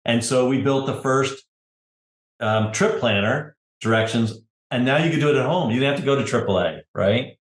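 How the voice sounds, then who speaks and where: A middle-aged man, a podcast guest, telling his story in relaxed conversation, often adding "you know" and "right?". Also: medium pitch, normal speed, echoey room. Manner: conversational, tag questions, frequent "you know". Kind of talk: casual interview storytelling.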